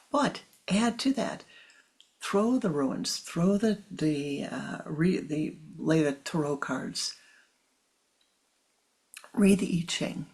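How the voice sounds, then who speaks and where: A spiritual teacher giving a slow, meditative talk, often repeating phrases and dropping into soft, whispery stretches. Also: mid-range voice, vocal fry.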